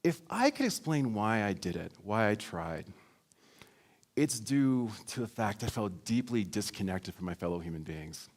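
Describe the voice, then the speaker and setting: A man's voice: fairly low pitch, normal speed. Man telling a keynote story. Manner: lively storytelling with acted quotes. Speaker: keynote speaker.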